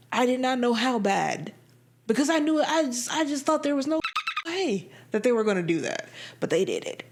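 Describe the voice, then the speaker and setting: Animated woman giving a casual movie review. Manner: animated, emphatic, jumps between high excited bursts and low drops.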